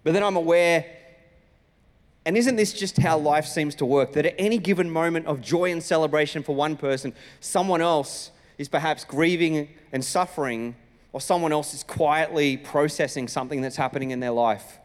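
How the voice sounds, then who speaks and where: Australian pastor preaching in a big echoing hall. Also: male voice, on the high side, moderate pace. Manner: conversational storytelling, acting out quoted greetings. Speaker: senior pastor. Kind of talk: sermon. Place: church auditorium. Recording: long reverb from a church hall.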